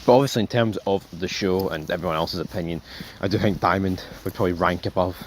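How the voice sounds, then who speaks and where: A man hosting a casual TV review, rambling and animated, swearing freely and calling viewers folks. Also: sits low, fast talker, a little hiss or hum. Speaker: show host, TV reviewer.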